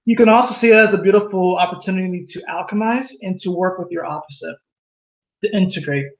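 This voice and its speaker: A man giving a casual tarot reading, animated and laughing at his own jokes. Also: high voice, fast talker. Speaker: tarot reader. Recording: echoey room, dull lo-fi sound.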